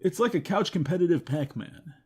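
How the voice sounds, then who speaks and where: A man hosting a game news show, running through a list of games with quick wry comments and self-mocking asides. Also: high-pitched, expressive, darkish tone, husky. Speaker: host. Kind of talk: rapid game review roundup.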